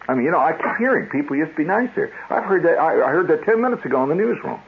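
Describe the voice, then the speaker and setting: This radio host's fairly high, sing-song voice races along with hardly any pauses, over a dull, lo-fi 1970s broadcast carrying a little hiss or hum. He rambles through wry stories in a monologue, repeatedly interrupting himself.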